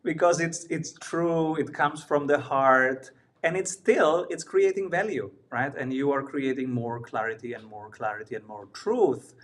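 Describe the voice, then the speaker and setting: A man's voice: mid-range voice, unhurried. A man from Italy hosting a podcast interview, talking with enthusiastic, emphatic repetition. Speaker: podcast host. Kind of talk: casual interview chat.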